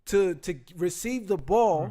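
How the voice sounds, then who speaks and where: High-voiced animated man telling sports stories. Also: slow. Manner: animated, slangy storyteller. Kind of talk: casual sports chat. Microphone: computer mic.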